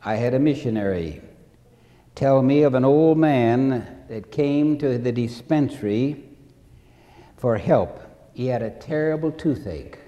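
Slow, deliberate male preacher in a hall. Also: a little high, lo-fi sound. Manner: slow, deliberate preaching with repetition and acted-out stories. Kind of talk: sermon.

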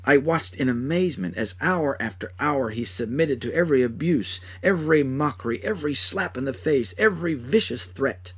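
A man's voice: mid-range voice, lively intonation, moderate pace, few pauses, husky. A man playing an anguished, guilt-ridden traitor. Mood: anxious. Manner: impassioned, cries out in anguish. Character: remorseful man who betrayed his master. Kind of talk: dramatic first-person monologue.

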